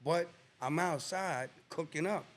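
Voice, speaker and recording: A man's voice: a little high, a little slow. A man from New Jersey, a rapper guest in a casual interview, talking in a laid-back, slangy way and repeating phrases for emphasis.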